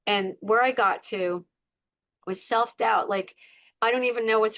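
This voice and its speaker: A woman's voice: a little high, moderate pace, fairly bright tone, a little hiss or hum. Earnest middle-aged woman telling her story. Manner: earnest, repeats words for emphasis, acts out her inner voices. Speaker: podcast guest. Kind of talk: personal story in conversation.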